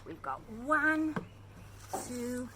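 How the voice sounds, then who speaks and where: A woman reading a storybook aloud to young children in an animated, questioning way. Her voice is bright and moves freely across its range, with a faint hiss in the background. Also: high-pitched, drawn-out words. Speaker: children's storyteller and Hebrew teacher. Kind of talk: reading a picture book aloud, then teaching words.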